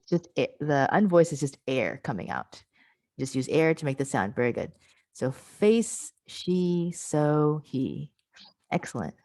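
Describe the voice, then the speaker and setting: A woman's voice: a bass voice, very animated, moderate pace, darkish tone, no echo, poor audio. A woman presenting an online pronunciation workshop over a video call, patiently modelling and repeating example words and encouraging participants.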